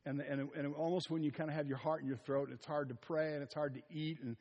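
A middle-aged man preaching a sermon, telling stories with asides and soft chuckles. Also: on the high side, flat delivery, quick pace, highs cut off. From Ohio. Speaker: pastor. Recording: long reverb of a large hall.

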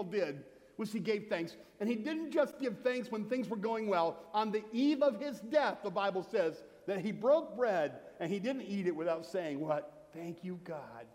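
High-voiced male pastor in a reverberant church. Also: a little mellow. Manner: humorous storytelling, acts out quoted voices. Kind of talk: sermon. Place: church sanctuary. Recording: long hall reverb from the church.

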